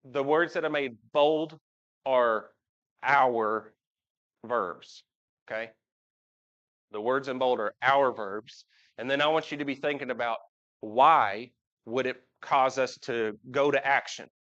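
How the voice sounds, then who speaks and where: A man's voice: mid-range voice, slow, long pauses, a bit bright, muffled recording. A man giving a casual, folksy sermon in a church, often asking the congregation questions. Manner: folksy, talks with the congregation, asks them questions. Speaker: preacher. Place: church sanctuary.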